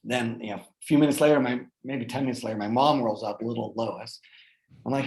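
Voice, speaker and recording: Gravelly man telling a heartfelt story. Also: medium pitch, brisk, a little mellow. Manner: earnest, heartfelt, filler-heavy with lots of "like". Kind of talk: casual personal storytelling. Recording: roomy echo.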